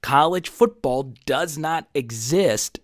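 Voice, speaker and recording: A man hosting a college football channel, talking with excitable, hype-driven energy and jokes. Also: on the high side, takes it slowly. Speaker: sports channel host. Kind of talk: energetic sports commentary vlog.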